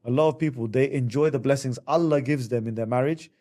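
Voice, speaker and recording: Male counsellor, conversational podcast delivery, mimics others in raised voices. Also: quick pace. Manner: animated, acts out quotes with high voices. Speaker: Islamic family counsellor.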